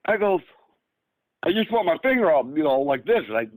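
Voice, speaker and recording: A man of about sixty from Northern Michigan, a guest, tells a long story in a rambling, casual way, restarting often and acting out what the people in it said. His voice sits high with big pitch swings at a moderate pace, on a dry, low-quality recording.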